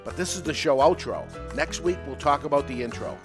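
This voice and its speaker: A man hosting his own podcast, talking in an animated, emphatic, conversational way. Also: on the high side, fairly quick, hardly any pauses, over music. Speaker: podcast host. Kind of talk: solo podcast monologue. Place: podcast studio.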